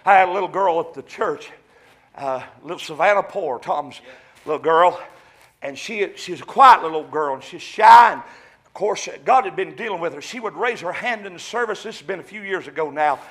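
A man with a Southern US accent preaching a fervent sermon, mixing folksy stories with shouted exclamations. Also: sits high, lively intonation, moderate pace. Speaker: pastor.

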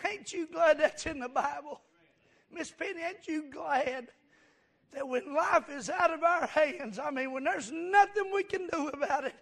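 A middle-aged man, preaching a sermon in a folksy storytelling way that builds into shouted preaching. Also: very high voice, measured pace, vocal fry. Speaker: pastor.

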